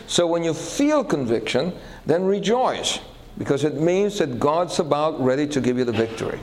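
A man's voice: a little high, normal speed, rough recording. A male pastor preaching a sermon, telling a story and checking in with the audience through questions. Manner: animated, asks the audience questions.

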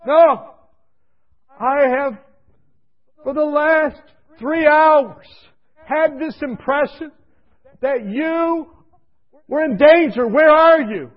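A man putting on a weeping mother's high voice. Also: drawn-out words, pauses often, full character voice. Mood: frantic pleading. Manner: tearful, urgent pleading. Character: weeping, pleading older mother on the phone. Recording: dull lo-fi radio recording.

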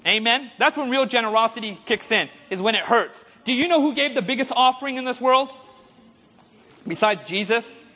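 High bright guy preaching, lively storytelling, big echoey church hall. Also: moderate pace. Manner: storytelling, animated, asks audience for amens. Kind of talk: sermon. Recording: long hall reverb.

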